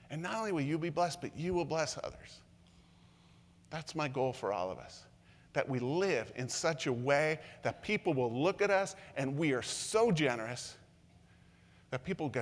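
A man preaching a sermon as pastor, earnest and repetitive, swinging from loud emphatic lines to soft, intimate ones. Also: fairly high pitch, animated, normal speed. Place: church room with long reverb. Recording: reverberant hall sound.

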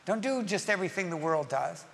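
A male pastor preaching an animated sermon, acting out scenes and rising to shouts. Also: high voice, a little fast, creaky, in a large hall.

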